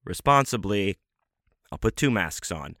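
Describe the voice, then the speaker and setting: A man hosting his own podcast, talking in a laid-back, rambling way with plenty of fillers as he gives shout-outs. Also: on the low side, expressive, a little slow, dry recording, studio quality. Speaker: podcast host.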